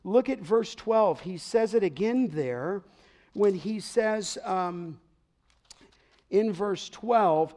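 Man, middle-aged pastor, sermon, high-pitched, emphatic, asks congregation to finish lines. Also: animated, slow, a little mellow.

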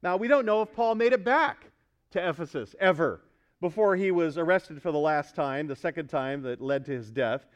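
Pastor guy preaching, pretty high voice, punchy, keeps asking the crowd stuff. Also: normal speed, lo-fi sound. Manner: emphatic, quizzes the congregation. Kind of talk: sermon. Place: church service.

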